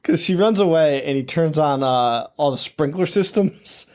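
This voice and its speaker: A man with a somewhat high voice co-hosts a horror movie podcast. He jumps in with excited, casual remarks, laughing and cursing as he talks. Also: normal speed. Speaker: podcast co-host. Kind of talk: casual movie recap chat.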